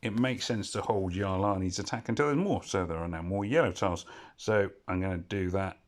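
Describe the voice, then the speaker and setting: A man with a low-pitched, brisk voice offers loose, rambling commentary while playing a mobile puzzle game. He keeps wandering off topic and correcting himself.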